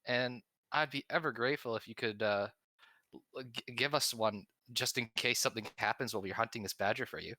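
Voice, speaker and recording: A player role-playing a character in a tabletop game, asking politely and hesitantly with many restarts. The voice is bright, recorded close and dry. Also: mid-range voice, brisk, no room sound.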